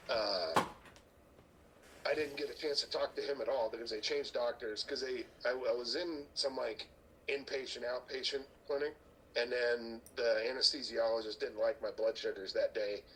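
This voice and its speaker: A man's voice: mid-range voice, rough recording. Middle-aged man, podcast guest, casual storyteller, acts out quotes, swears freely, faint background hum. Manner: animated storyteller who acts out other people's lines; swears casually, laughs at his own stories. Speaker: podcast guest, strongman athlete.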